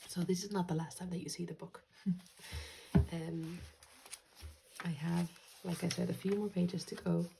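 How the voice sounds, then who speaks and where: Woman, from Finland, journaling vlog host: soft, gentle delivery with whispered asides, low pitch, gravelly texture. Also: fairly even intonation, normal speed, slight background noise. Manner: soft-spoken, gentle, slips into quiet whispers. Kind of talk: casual vlog talk.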